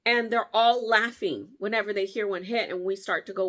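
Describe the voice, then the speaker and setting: A woman vlogger telling a story in a casual way, animated, laughing often and jumping her voice up to act out what people said. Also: normal speed. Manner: animated, acts out quotes with big pitch jumps.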